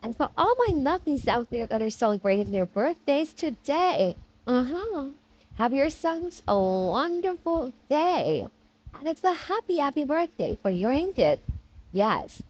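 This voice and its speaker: A woman giving drawn-out birthday shout-outs to her viewers in a sing-song way. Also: sits high, big pitch swings, muffled recording.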